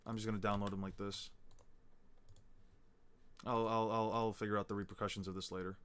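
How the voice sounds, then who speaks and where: A young man reading manga aloud on a livestream and talking to his chat, rambling and swearing, stammering over repeated words and getting loud and excited when he rants. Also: on the low side, fairly quick, smooth.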